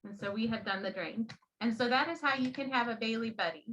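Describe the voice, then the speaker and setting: A woman who trains teachers, giving a classroom demonstration and gently coaching a child as she explains. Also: fairly high pitch, brisk, highs cut off, slight background noise.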